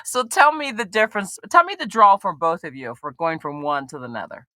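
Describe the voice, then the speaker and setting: A woman's voice: lowish voice, very animated, fairly quick, bright, forceful tone, dry recording, studio quality. A woman hosting a podcast interview, chatty and playful, laughing often. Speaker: podcast host. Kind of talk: casual interview chat.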